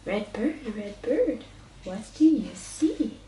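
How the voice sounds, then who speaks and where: A woman's voice: fairly high pitch, big pitch swings, slow pace, mellow. A woman reading a picture book aloud to a small child at home in a playful sing-song way, making animal noises. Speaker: parent reading to a toddler. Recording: roomy home recording from a distance.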